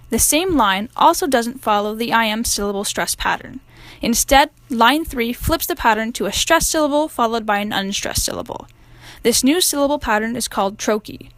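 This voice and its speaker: A woman's voice: fairly high pitch, fairly bright tone, no echo. A young woman reading out a class presentation, explaining the meter of a poem. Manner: reads a poem aloud, then explains its meter. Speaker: student presenter.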